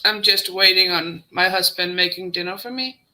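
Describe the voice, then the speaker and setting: A woman chatting casually on a video call in a measured, plain way. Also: lowish voice, pushed and bright, poor audio. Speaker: guest. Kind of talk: casual group video chat.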